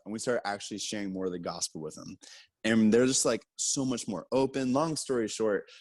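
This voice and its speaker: Animated man telling a story. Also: no room sound. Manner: animated, acts out quotes with raised pitch. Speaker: guest storyteller. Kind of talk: casual storytelling.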